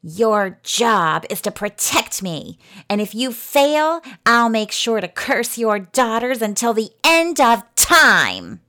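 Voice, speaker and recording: A woman voicing a small spiteful man with a high-pitched, crackly voice in a storybook reading. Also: sing-song, slow pace, sharp tone, heavily acted. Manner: shrill, threatening.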